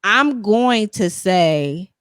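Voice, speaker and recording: An earnest woman hosts a podcast in easygoing conversation, her voice sitting at a middling pitch. She speaks encouragingly, circling back to check that her listener follows. The recording is close and dry, with no room sound. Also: animated, extremely slow, a bit bright, no echo. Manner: earnest, encouraging, repeats "you know what I'm saying". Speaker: podcast host. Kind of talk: casual chat.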